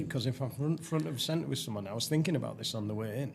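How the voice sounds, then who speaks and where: A man's voice: medium pitch, fast, creaky, few pauses, a little hiss or hum. A middle-aged English man hosting a podcast, rambling through casual chat and laughing at his own stories. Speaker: podcast host.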